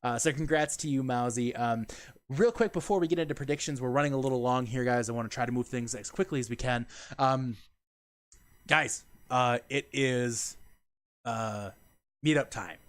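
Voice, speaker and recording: A man hosting a casual livestreamed gaming podcast, relaxed and chatty, laughing often and using lots of fillers. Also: medium pitch, moderate pace, dry recording. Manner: laid-back, laughs often, many fillers. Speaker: podcast host.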